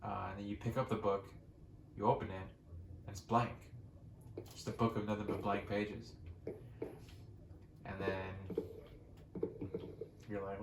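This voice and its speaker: Rambling young man, lowish voice, echoey room. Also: fairly even intonation, unhurried, long pauses. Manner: rambling, swears freely, frequent restarts and fillers. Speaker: gaming channel host. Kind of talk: casual gameplay commentary. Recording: echoey room with faint noise.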